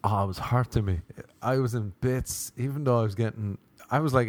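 A man's voice: mid-range voice, fairly quick, dry recording. A young man telling a casual anecdote, rambling and swearing, often breaking into laughter. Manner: laughing, profane, rambling storyteller.

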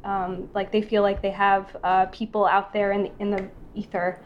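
A woman illustrator on a podcast panel, speaking thoughtfully and haltingly, with frequent restarts. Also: mid-range voice, level tone, muffled recording, a little hiss or hum.

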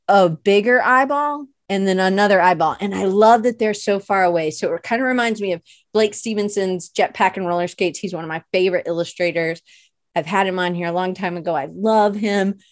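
In a studio-quality recording with no echo, a medium-pitched woman chats casually on her podcast. She's a host and illustration teacher whose talk is rambling, playful, and self-deprecating, peppered with "like."

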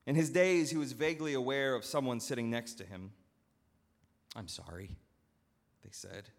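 A male pastor telling a story in a sermon with dramatic, expressive narration, recorded in a church. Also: mid-range voice, brisk. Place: church sanctuary. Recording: long church hall reverb.

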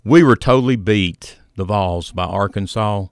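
A man hosting a sports talk show, telling a story in a measured way with plenty of fillers. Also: lowish voice, no echo, studio quality. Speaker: sports radio host.

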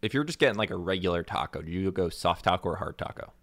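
A man's voice: deep voice, animated, quick pace, fairly bright tone, no room sound. A man co-hosting a podcast, chatting casually with dry, wry remarks. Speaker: podcast co-host.

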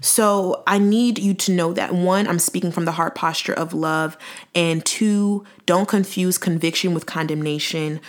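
A young woman hosting a faith-based podcast, talking earnestly and emphatically, slowing down to stress her points like a preacher. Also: fairly low pitch, fairly even intonation. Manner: earnest, preachy, emphatic with dramatic slow-downs. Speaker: podcast host.

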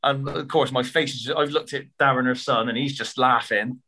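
A man's voice: mid-range voice, fairly even intonation, moderate pace, bright, forceful tone. A man hosting a podcast, telling a rambling funny anecdote with lots of quoted dialogue. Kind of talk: casual storytelling chat.

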